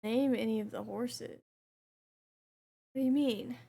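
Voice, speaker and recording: A young woman streamer chatting casually with her chat while she plays, reading messages aloud in a relaxed way. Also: fairly high pitch, measured pace, vocal fry, husky.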